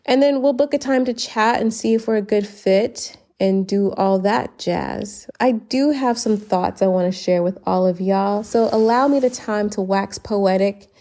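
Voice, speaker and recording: A woman hosts her own solo podcast in an earnest, grateful monologue. Her voice sits at a middling pitch, and she drops short laughs between sentences. She sounds a little choked up as she talks. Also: unhurried, few pauses, warm tone. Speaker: podcast host. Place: lives abroad, based in Barcelona.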